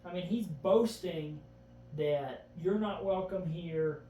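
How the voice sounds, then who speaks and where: Faint music plays behind a mellow, fairly high male voice as he slowly and earnestly retells events in vivid detail, often beginning with "I remember." He's a guest on a casual podcast, recorded in an echoey room far from the mic, with a faint hum in the background.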